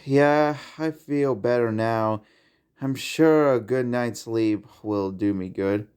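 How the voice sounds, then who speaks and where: A man's voice: mid-range voice, takes it slowly, darkish tone, smooth, lightly acted. A man voicing a timid, inexperienced young male macaw who stammers and hesitates. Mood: calm.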